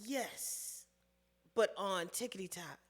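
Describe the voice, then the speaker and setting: A woman's voice: medium pitch, slow pace. A middle-aged woman co-hosting a casual podcast chat, telling stories with lots of laughter. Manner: animated, laughing storyteller. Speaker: co-host.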